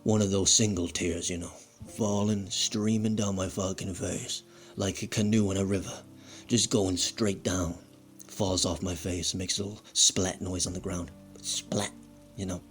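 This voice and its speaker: A man's voice: sits low, flat delivery, moderate pace, soft background music, close to an everyday voice. A man playing a crude, bitter fired wrestler who rambles and swears in a comedic monologue. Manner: foul-mouthed, rambling, self-pitying.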